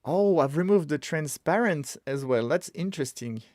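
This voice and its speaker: A man hosting a casual live coding stream, talking excitably and thinking aloud with frequent restarts. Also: fairly high pitch, normal speed, dry recording, clean studio sound. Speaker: streamer teaching web development.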